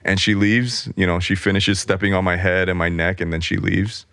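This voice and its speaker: Man, very deep voice, middle-aged, podcast guest, rambling candid storytelling, dry close studio mic. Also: level tone, normal speed, vocal fry, fairly bright tone, dry recording. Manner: rambling, self-interrupting, acts out quoted voices. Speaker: guest, artist.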